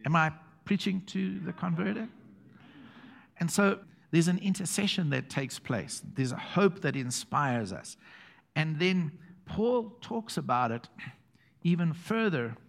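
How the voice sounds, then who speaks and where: A middle-aged South African man preaching a sermon as pastor, telling stories with chuckles and quiet emphatic asides. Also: on the high side, expressive, a little slow, gravelly. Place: church hall. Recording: long hall reverb.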